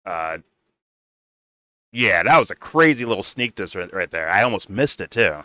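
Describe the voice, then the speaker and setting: A man giving casual, profane reaction commentary on video clips, excitable and laughing often. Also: fairly low pitch, normal speed, dry recording. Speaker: reaction streamer.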